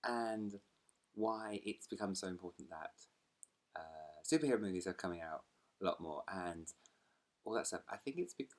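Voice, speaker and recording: A man's voice: deep voice, lively intonation, normal speed. A man chatting casually to camera at home as a book vlogger, rambling between asides and laughing easily. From United Kingdom.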